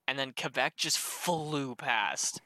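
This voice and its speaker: Bright-voiced young man in banter. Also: medium pitch, slow, no echo. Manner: laughs often, jokey banter. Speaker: podcast co-host. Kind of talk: casual chat.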